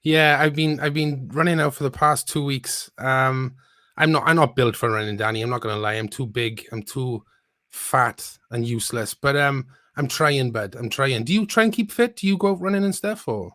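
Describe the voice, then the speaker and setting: A man hosting a podcast in a casual chat, speaking quietly and self-deprecatingly. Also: mid-range voice, moderate pace, no echo, studio quality. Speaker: podcast host.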